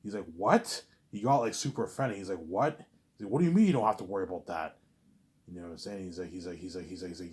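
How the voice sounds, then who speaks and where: A man's voice: low voice, expressive, fast talker. Stammering young man rambling to camera. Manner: repetitive, stammering, ends lines with a trailing mumbled "obviously". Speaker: vlogger.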